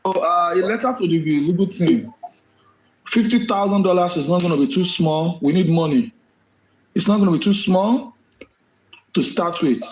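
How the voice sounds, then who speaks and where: Live-stream host, conversational, higher voice, echoey room sound. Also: male voice, moderate pace, pauses often, a little mellow. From Nigeria. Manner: relays viewer requests, reassuring, conversational.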